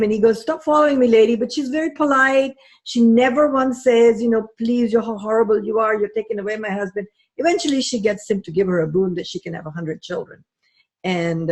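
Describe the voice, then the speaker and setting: Woman teacher, mid pitch, creaky, chatty lecture style with lots of fillers. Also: darkish tone. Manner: chatty storytelling with many fillers. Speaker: astrology teacher. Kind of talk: live class lecture.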